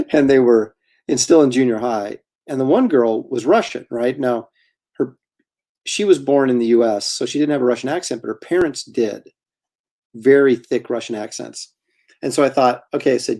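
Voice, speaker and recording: A middle-aged comic artist chats casually as he draws, rambling, chuckling often and putting himself down. His voice is medium in pitch with a warm tone.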